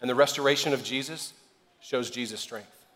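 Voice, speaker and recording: Guy preaching a sermon, lively and jokey, gets loud and emphatic, church echo behind him. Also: medium pitch, moderate pace. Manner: animated preaching, jokes and acted-out dialogue, builds to loud emphatic climax. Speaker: pastor.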